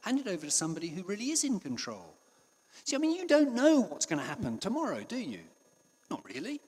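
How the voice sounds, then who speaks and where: A man preaching a sermon in a conversational way, with frequent restarts and passages that drop to a hush. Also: high voice, huge pitch swings, fast talker, slightly rough. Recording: long hall reverb.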